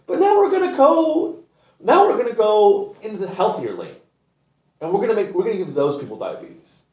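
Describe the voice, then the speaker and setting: A man mocking a gloating, squeaky soda executive. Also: very animated, moderate pace, mellow. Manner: mocking, exaggerated sing-song. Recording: echoey room, botched audio.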